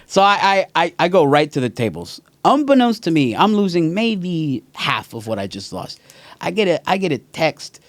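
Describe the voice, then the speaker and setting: A man who is a stand-up comedian and podcast host, telling an animated, profane story in casual chat. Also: fairly high pitch, moderate pace, no room sound.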